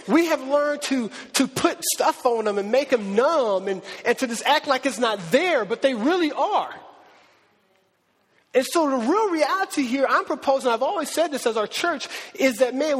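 A man's voice: extremely high pitch, big-room sound. A man preaching a sermon as pastor, impassioned, who acts out the voices he quotes and chokes up at times.

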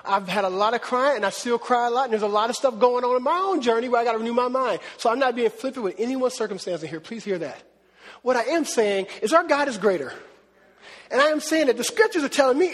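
A man preaching a casual, animated sermon, often checking in with the crowd. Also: very high voice, quick pace. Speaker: pastor. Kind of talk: conversational sermon. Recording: long hall reverb.

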